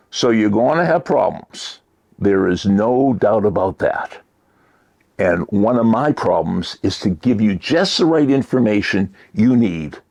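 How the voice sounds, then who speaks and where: A man giving a motivational talk, shifting between loud emphasis and near-whispered asides. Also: lowish voice, vocal fry. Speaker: motivational speaker.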